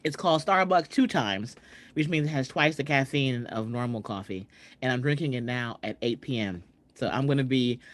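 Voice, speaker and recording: A woman hosting a casual livestream from home, chatting and shouting out viewers over a video call mic. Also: extremely low pitch, no room sound. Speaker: host. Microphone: computer mic on a video call.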